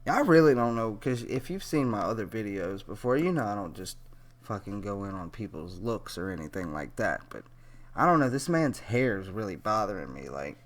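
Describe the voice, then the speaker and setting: A man's voice: lowish voice, very animated, moderate pace. A man giving casual, rambling reaction commentary on a TV clip, profane and incredulous.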